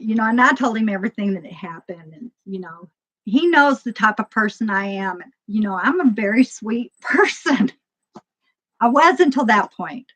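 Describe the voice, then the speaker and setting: A woman tells a heated personal story in a slightly high voice, laughing often and swinging between loud and soft. The sound is dull and lo-fi. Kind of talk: casual storytelling.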